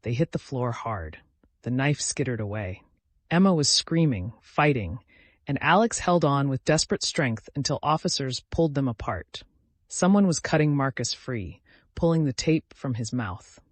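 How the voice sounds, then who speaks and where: A man reading a thriller romance story aloud in a measured, dramatic way. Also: mid-range voice, animated, dry recording. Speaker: narrator. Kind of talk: scripted narration of a thriller romance.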